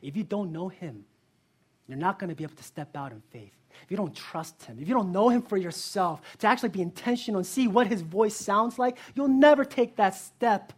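A man's voice: high voice, a little fast. A male pastor preaching a sermon in an earnest way, asking the listeners direct questions and telling stories with energy. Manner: lively storytelling.

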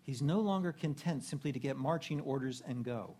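A man's voice: medium pitch, a little fast, warm tone, slightly rough. A man preaching a sermon in a conversational way, posing rhetorical questions to his listeners. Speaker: pastor.

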